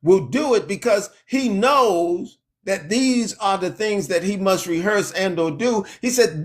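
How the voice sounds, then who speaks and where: Slow, emphatic male preacher. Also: high-pitched, lively intonation. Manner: slow, emphatic preaching with sharp rises on scripture quotes. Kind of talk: sermon.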